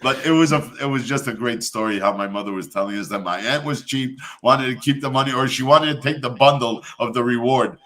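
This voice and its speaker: A man hosting a casual chat, telling a family story with lively quoted voices. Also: mid-range voice, a little fast. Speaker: host.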